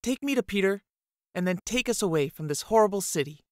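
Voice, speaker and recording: Blunt young girl heroine, read by a man; raised pitch, matter-of-fact orders. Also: animated, a little fast, a little mellow, dry recording, clean studio sound. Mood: commanding.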